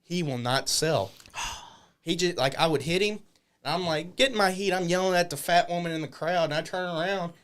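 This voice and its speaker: In a podcast studio, a man with a fairly bright, clean, somewhat high voice talks at normal speed. He's a guest recounting wrestling stories full of profanity, animatedly acting out the voices of those he quotes.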